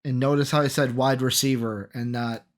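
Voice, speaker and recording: A man's voice: mid-range voice, moderate pace. Chatty man quizzing his co-host. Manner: energetic, rattles off names and quizzes his co-host. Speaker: podcast co-host. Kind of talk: casual sports chat.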